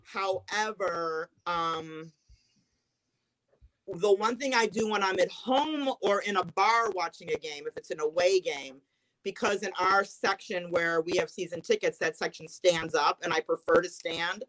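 A woman talks as a guest in a relaxed group chat. She explains things at length in an easygoing, chatty way. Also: fairly low pitch, measured pace, poor audio. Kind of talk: casual chat.

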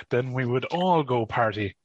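A man's voice: medium pitch, lively intonation, slow, a little hiss or hum. Irish man telling a rambling story. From northwest Ireland. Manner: rambling storyteller, laughs often. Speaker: podcast guest. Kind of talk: casual chat. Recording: dull, dry lo-fi sound.

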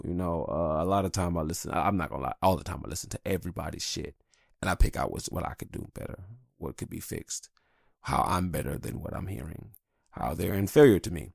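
A man's voice: deep voice, expressive, a little fast, vocal fry, dry recording, clean studio sound. A man hosting a podcast, talking in a candid, rambling, profane monologue. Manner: candid, rambling, heavy swearing. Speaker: podcast host.

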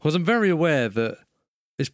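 A man's voice: fairly high pitch, very animated, fairly quick, no echo. A man co-hosting a casual gaming podcast, teasing his partner in a dry way and swearing. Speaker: podcast co-host.

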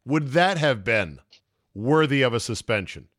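Animated joking male podcast host. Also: medium pitch, a little slow, no room sound, clean studio sound. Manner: joking, animated banter with laughs. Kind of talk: casual chat.

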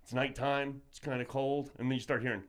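A man's voice: medium pitch, brisk, smooth. A man telling a long, profane story in casual podcast chat, acting out his own reactions. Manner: profane, animated storytelling with voiced asides.

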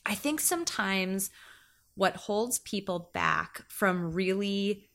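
A woman's voice: medium pitch, animated, slow pace, gravelly, a bit bright. A woman hosting a podcast, enthusiastic and agreeable, thinking aloud as she talks. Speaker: podcast host. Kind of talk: casual podcast conversation.

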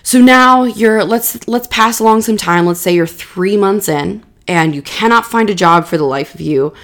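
A woman's voice: mid-range voice, moderate pace. A young adult woman hosting a solo podcast, telling a personal story candidly and repeating words for emphasis. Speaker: podcast host.

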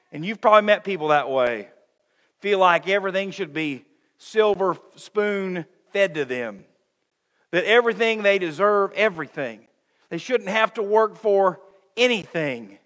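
A man's voice: high-pitched, lively intonation, measured pace, long reverb tail. A man preaching a sermon to his congregation, calling them friends and acting out everyday quotes with humor. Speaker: pastor. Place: church sanctuary.

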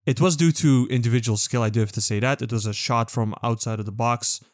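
A man's voice: medium pitch, fast, no room sound, studio quality. A man co-hosting a casual football podcast, explaining his views at length in an analytical way. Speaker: podcast co-host.

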